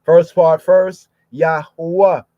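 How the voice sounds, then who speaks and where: Male scripture teacher, slightly high voice, slow and repetitive, dry lo-fi sound. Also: flat delivery, dry recording. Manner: repeats and sounds out Hebrew words slowly. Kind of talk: Bible study podcast.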